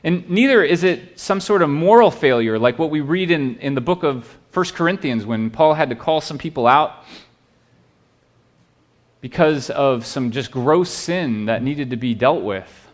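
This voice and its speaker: A man's voice: fairly high pitch, animated, unhurried. A man preaching a sermon as a pastor, earnest and pleading, often restarting his words and checking in with "right?".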